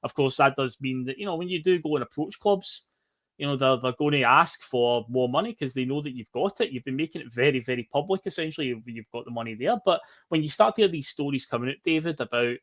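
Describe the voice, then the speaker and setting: A man co-hosting a casual football podcast, ranting in an exasperated, animated way. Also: medium pitch, fast talker. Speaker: podcast co-host.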